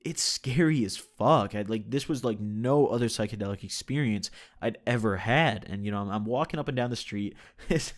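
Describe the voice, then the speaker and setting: A man's voice: fairly low pitch, moderate pace. A young man casually telling a personal story, laid-back, swearing freely and laughing now and then, with lots of "like" and "you know". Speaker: storyteller recounting his own experience.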